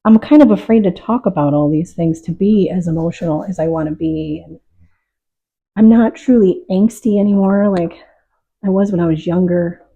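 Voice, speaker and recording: A middle-aged woman painter talking calmly and reflectively while she works, open about her feelings. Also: fairly low pitch, slightly rough, dull audio. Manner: calm, reflective, openly emotional. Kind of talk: casual talk while painting.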